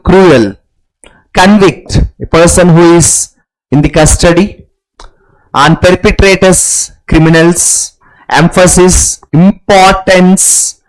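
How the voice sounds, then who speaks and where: Man, fairly high pitch, live exam-prep teacher, repetitive drilling delivery. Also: a little slow, rough recording. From India. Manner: repetitive drilling, frequent throat-clearing. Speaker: English teacher.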